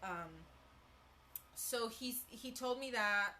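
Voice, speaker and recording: A woman's voice: on the high side, slow pace, sharp tone, slight background noise. A woman talking casually to her viewers on a live stream, chatting through a story with asides and greetings to people joining. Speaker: livestreamer.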